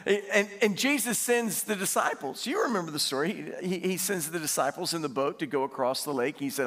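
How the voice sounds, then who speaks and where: A man preaching a sermon, animated and laughing as he tells stories and asks the congregation questions. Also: on the high side, brisk, hardly any pauses. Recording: long hall reverb.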